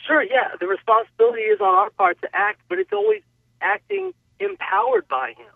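Man, radio caller, gravelly, lively pitch, earnest, tinny phone line. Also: fairly quick, no room sound. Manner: earnest, explanatory. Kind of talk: radio call-in talk.

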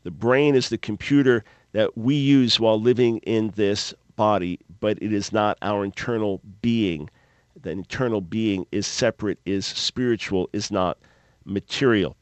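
A man hosting a call-in radio show, answering Bible questions in a measured, explanatory way. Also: fairly low pitch, no room sound. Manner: measured, explanatory, thoughtful pauses. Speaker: radio talk show host.

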